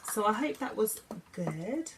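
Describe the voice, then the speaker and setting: A woman's voice: mid-range voice, big pitch swings, unhurried, background noise. A woman chatting casually to camera from her bed about perfumes, gushing and often trailing off mid-sentence. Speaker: beauty vlogger. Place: in bed at home.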